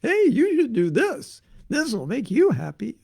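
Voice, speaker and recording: A man's voice: very high-pitched, huge pitch swings, measured pace, gravelly, mellow, pitched above the performer's own voice, heavily acted. A man voicing a person's own mind as a sly male tempter, coaxing and offhand. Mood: tempting.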